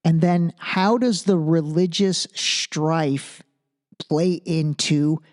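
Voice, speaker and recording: A man's voice: on the high side, fairly even intonation, extremely slow, darkish tone. A man hosting a solo podcast, talking casually and thinking aloud, restarting phrases and checking in with the listener. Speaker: podcast host.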